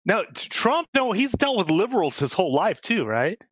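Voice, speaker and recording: A man's voice: sits high, very animated, moderate pace, fairly bright tone, breathy edge, no echo, highs cut off. A man hosting a casual interview, chatty and upbeat as he prompts his guest. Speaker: interview host.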